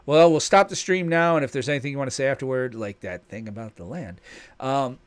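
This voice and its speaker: A man co-hosting a casual podcast chat, telling stories with lively delivery and putting on voices for quotes. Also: medium pitch, a little fast, smooth. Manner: animated storyteller, puts on voices when quoting. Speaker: podcast co-host.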